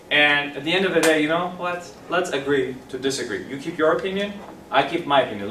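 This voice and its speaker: Animated male teacher in an echoey classroom. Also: fairly high pitch, a little hiss or hum. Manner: animated, repeats phrases slowly for students. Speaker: English teacher. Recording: roomy classroom from a distance.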